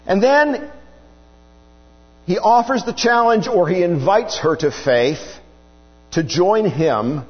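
Male preacher, earnest sermon delivery, animated pitch, long hall reverb. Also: slow pace, pauses often, lo-fi sound. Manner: earnest, explanatory, rhetorical questions. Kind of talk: sermon teaching on scripture.

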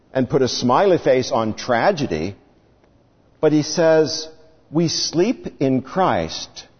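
Lively dramatic male preacher in a hall. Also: on the high side, husky. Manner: dramatic, acts out the people in the story. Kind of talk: sermon. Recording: dull sound with long reverb.

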